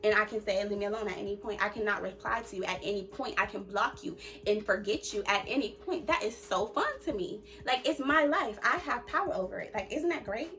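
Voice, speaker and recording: A woman's voice: fairly high pitch, expressive, fairly quick, few pauses, pushed and bright, soft background music. A young woman hosting a casual advice chat, talking emphatically and repeating her points like a sermon. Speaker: host.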